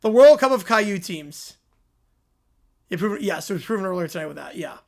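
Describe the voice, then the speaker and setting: A man's voice: high voice, animated, a little fast, a little mellow. A man hosting a live sports reaction stream, chatting casually and rambling as he repeats himself. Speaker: livestream host.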